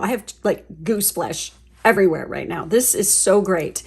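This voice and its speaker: A woman giving a casual tarot reading to her viewers, chatty and gushing, swearing freely as she gets excited. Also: medium pitch, normal speed, creaky, husky. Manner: chatty, with fillers and trailing asides. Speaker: tarot reader.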